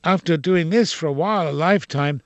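An older man talks in an interview with emphatic, opinionated conviction, often repeating himself to drive a point home. His voice sits a little high for a man. The recording is dry and close, with no room sound. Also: a little fast, dry recording, muffled recording. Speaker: actor, interview guest. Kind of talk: casual interview talk.

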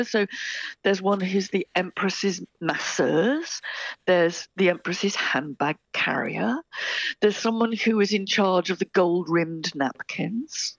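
A woman guest historian explaining in a chatty, lively way on a radio interview, with many asides. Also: mid-range voice, vocal fry, no room sound. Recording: dull lo-fi sound.

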